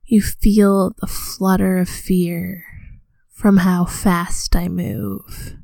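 A woman voicing a commanding female vampire in a slow, breathy whispered role-play. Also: on the low side, a little mellow, dry recording. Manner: slow hypnotic countdown, commanding.

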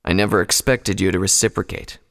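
Reserved, loyal stallion soldier, sincere and low-key, fairly low voice, read by a man. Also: fairly even intonation, brisk. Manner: quiet, plain, sincere. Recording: long hall reverb.

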